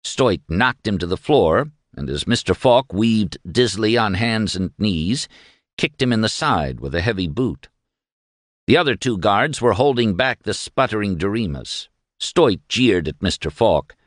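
An audiobook narrator with a low male voice reads a novel from a script in a measured, expressive storytelling style. The recording is dry and of studio quality.

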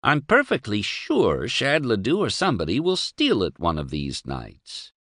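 A man's voice: on the low side, huge pitch swings, unhurried, fairly bright tone, no echo, studio quality, full character voice. A man doing a fretful pleading wife. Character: anxious fussy middle-aged wife.

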